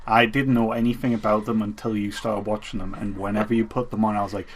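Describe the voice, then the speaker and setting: A man's voice: fairly low pitch, flat delivery, fast. Blunt, sweary man. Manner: blunt, swearing, dryly funny. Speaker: co-host. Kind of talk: casual review chat.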